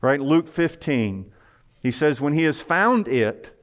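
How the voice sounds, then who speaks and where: A man's voice: a little high, lively intonation, slow. Man preaching a sermon earnestly. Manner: earnest preaching, rising and falling emphasis; asks the congregation rhetorical questions. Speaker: pastor. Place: church sanctuary.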